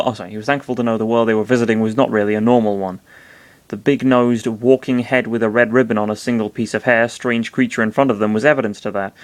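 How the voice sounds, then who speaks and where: A man's voice: medium pitch, no echo. A young man reading a fan fiction aloud, casual and breaking off to swear and apologize. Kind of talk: comedic dramatic reading.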